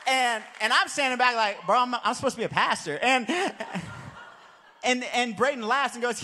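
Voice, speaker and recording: A young pastor tells funny stories from the pulpit, then builds up to shouted calls to his listeners. His voice sits high and bright. It rings with the long echo of a big church hall. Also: normal speed, a faint crowd, a little hiss or hum. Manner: animated, jokey, builds to shouted exhortation. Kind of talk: sermon with storytelling. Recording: long reverb of a large hall.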